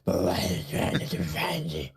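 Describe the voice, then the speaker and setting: A man voicing a menacing caped vigilante in a breathy, rasping half-whisper. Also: very deep voice, little pitch movement, moderate pace, voice pushed down, exaggerated voice. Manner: hoarse half-whispered growl.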